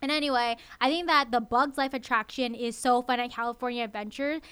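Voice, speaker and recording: A woman's voice: on the high side, steady tone, a little fast, a bit bright, clean tone. A young woman hosting a college radio show, chatting eagerly and often tagging her points with "okay?". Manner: chatty and enthusiastic, asks okay? a lot. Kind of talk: casual radio chat.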